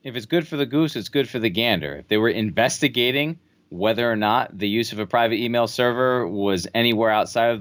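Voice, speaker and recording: A man talking politics in a casual chat, speaking in a measured, even-handed way. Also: fairly low pitch, no echo.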